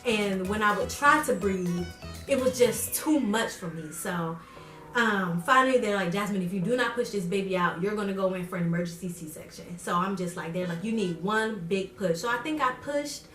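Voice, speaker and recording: A young woman tells a story in a casual, lively vlog style and acts out the voices of the people in it. Her voice sounds roomy and set back from the mic, with faint music underneath. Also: normal speed, far from the mic. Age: young adult. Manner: animated, acts out quotes with big pitch jumps. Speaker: vlogger.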